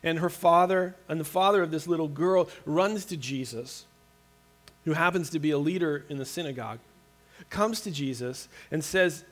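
A man's voice: a little high, moderate pace, fairly bright tone. Earnest, conversational male preacher. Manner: conversational, earnest, with frequent restarts and light laughter. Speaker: pastor. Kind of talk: sermon.

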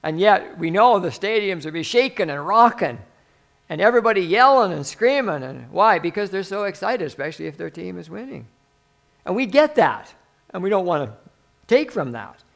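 A man preaching a sermon, animated, often laughing and swinging between soft musing and loud exclamation. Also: sits high, normal speed, vocal fry.

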